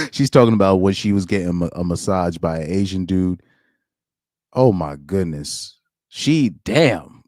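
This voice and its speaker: A young man with a deep, low voice gives casual reaction commentary. He reads posts aloud and breaks off into incredulous asides and half-finished restarts. The sound is close and dry, with no room around it. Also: lively intonation, slow, pauses often, a little mellow, dry recording. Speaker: commentary streamer.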